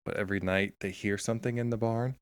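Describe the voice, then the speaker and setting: A man with a low voice chats on a podcast, playfully building out made-up story ideas bit by bit. His delivery is casual and relaxed, recorded close and dry. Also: quick pace, clean tone, no echo. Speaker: podcast co-host. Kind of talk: casual chat.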